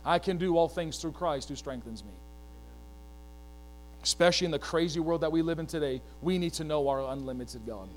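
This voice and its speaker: A man with a high voice preaches a lively sermon, cracking jokes and asking his listeners to say lines back to him. A steady mains hum sits behind his voice. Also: a little fast. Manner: animated, joking asides, calls for congregation to repeat. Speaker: pastor.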